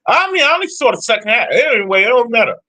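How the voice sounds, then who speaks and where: Animated profane man ranting about football. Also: very high-pitched, quick pace. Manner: profane, blunt, trash-talking. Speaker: streamer answering chat. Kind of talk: casual sports rant.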